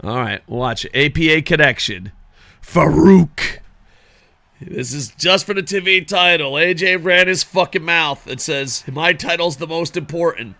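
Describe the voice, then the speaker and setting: A man calling a wrestling video game for his viewers, excitable and foul-mouthed, chatting to them as "boys." His voice sits a bit high and rings with a very sharp, tense edge. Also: a little slow, no room sound. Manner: excitable, heavily profane, addresses viewers as boys. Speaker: gaming commentator. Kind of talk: casual video game commentary.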